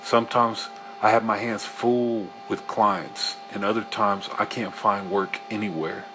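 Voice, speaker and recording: A man reading a first-person story aloud as an audiobook narrator, in a slow, unhurried way. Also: fairly low pitch, fairly even intonation, noisy background. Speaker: audiobook reader.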